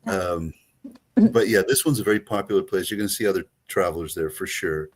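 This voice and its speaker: A deep-voiced man with a Greek accent talks fairly quickly as co-host of a casual travel chat. He's a travel agent, and he rambles, full of fillers and restarts.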